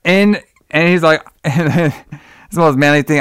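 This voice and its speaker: A man with a slightly high, fairly bright, smooth voice speaks at a normal speed in a clean, echo-free studio recording. Chatting casually, he retells a film's plot in a rambling way. He acts out lines from it and keeps saying "all right."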